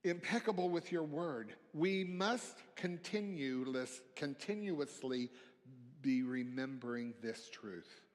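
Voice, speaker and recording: A man preaching a reflective sermon as a minister, slow and gentle, dropping to near-whispers on key phrases. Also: fairly high pitch. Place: church sanctuary. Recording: long hall reverb.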